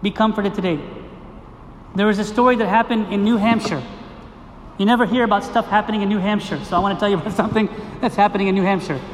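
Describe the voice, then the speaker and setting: A man with a very high voice preaches a sermon, drawing in his listeners with questions and repeated phrases. He is recorded in an echoey gym with a long reverb tail. Faint noise sits underneath. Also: fast talker. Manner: animated preaching with rhetorical questions and repetition. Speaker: priest. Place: gym used for a liturgy.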